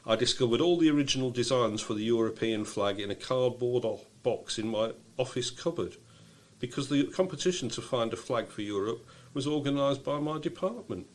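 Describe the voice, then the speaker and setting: British guy, dry podcast co-host chatting and reading out letters, mid pitch. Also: animated, fairly quick. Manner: dry, reads listener letters and quotes aloud. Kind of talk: casual comedic chat.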